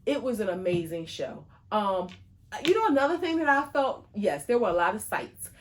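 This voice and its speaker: Casting: woman podcast co-host, chatty and animated, filler-heavy casual talk. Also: mid-range voice, normal speed, slight background noise. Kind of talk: casual chat.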